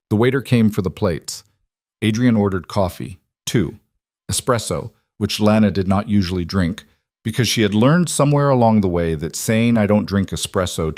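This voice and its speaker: A man narrating a romance story in a calm, even, scripted storytelling manner. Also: fairly low pitch, dry recording, studio quality.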